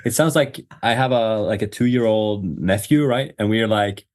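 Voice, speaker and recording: A man's voice: fairly low pitch, normal speed. A man co-hosting a podcast, chatting casually and laughing often while reacting. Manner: laughing, relaxed, rambling. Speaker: podcast co-host. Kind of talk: casual chat.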